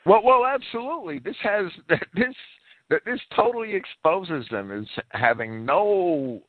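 A man with a lively, swooping voice agrees eagerly as co-host, stumbling over repeated restarts. He is sneezing and coughing while speaking into a headset. The line sounds thin and phone-like. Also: high-pitched, a little slow, dry recording. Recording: dry tinny phone-like line.

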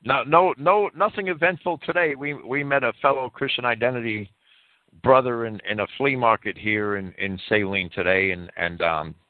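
A man's voice: medium pitch, normal speed, no room sound. A man hosting a live talk-radio show from a private home, earnestly reading definitions aloud and expounding on them. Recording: tinny phone-line audio.

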